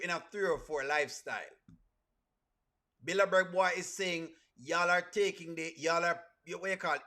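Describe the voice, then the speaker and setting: A man with a Jamaican accent giving lively live reaction commentary, mixing patois into his English. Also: on the high side. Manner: animated, mixes patois with standard English. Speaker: reaction streamer.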